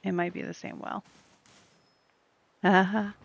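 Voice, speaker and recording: A woman streams a cozy game, rambling casually and talking back to the on-screen characters in a gravelly, mid-range voice with little pitch movement and a measured pace. The stream audio is dull and lo-fi, with faint game music.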